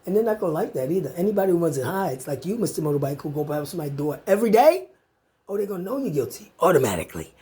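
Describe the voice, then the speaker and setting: A woman's voice: on the low side, big pitch swings, racing, mellow, husky. A woman in an angry, profane, direct-to-camera rant, taunting and confronting the listener. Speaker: vlogger.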